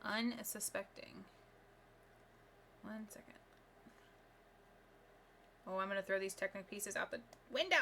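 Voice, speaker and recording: A woman's voice: mid-range voice, moderate pace, long pauses, pushed and bright, slight background noise. A woman streaming live from home, chatting casually and upbeat with her viewers while she builds.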